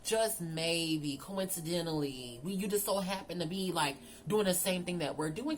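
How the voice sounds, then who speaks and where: A woman telling a storytime vlog, animated and profane, talking straight to her viewers. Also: fairly low pitch, unhurried, hardly any pauses, faint music behind. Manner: animated, profane, addresses viewers as girl and y'all. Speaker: storyteller vlogger.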